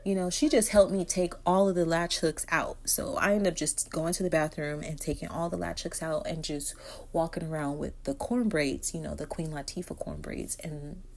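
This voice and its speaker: A woman's voice: low-pitched, moderate pace, creaky. A woman hair vlogger telling a casual storytime while she does her hair, acting out each quote with energy. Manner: animated storyteller who acts out every quote.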